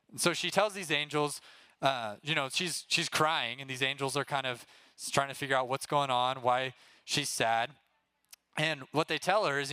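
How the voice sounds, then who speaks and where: Bright, upbeat young male youth pastor. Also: fairly high pitch, smooth, no echo. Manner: energetic, casual, keeps asking "right?". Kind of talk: teaching a Bible lesson to students.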